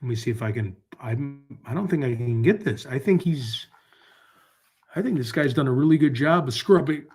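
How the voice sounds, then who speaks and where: A man's voice: mid-range voice, lively intonation, normal speed, darkish tone, husky, faint music behind. A man hosting a casual live stream, rambling and talking to his viewers while he searches online. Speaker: livestream host. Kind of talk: casual livestream chat.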